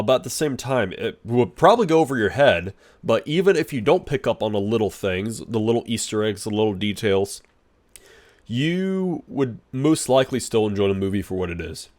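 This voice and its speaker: A man giving an excitable, rambling movie review, full of restarts and fillers. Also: medium pitch. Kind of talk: casual spoken review.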